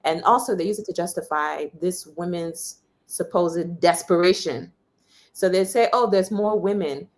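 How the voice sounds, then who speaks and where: A woman's voice: fairly low pitch, normal speed. A young woman from the United States talks as an interview guest, a journalist recounting her own experiences. She is candid and conversational, and she brings the story alive by acting out what others said. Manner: animated storyteller, quotes others with raised voice.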